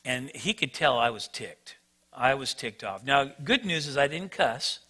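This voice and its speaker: A man preaching as a pastor, telling a self-mocking personal story in an animated way. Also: medium pitch, unhurried. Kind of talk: sermon storytelling.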